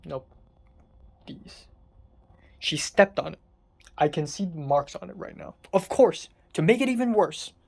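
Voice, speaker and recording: A young adult vlogger, pouring out an exasperated, sarcastic rant full of swearing. The voice sits at an ordinary middle pitch and sounds distressed and worn down. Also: expressive, measured pace, vocal fry, pauses often. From Hong Kong. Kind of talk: casual confessional vlog rant.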